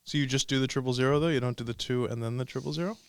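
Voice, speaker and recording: A chatty, teasing man talks casually with friends in a podcast studio. His voice sits at an ordinary middle pitch. The sound is dry and close to the mic. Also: rapid-fire, clear, resonant tone, no room sound. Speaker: podcast host. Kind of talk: casual chat.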